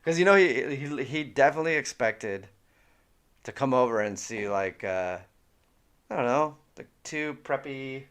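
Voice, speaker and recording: A man's voice: mid-range voice, lively intonation, measured pace, a bit bright, smooth. A man co-hosting a podcast, telling self-mocking stories in casual, profane chat. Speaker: podcast co-host.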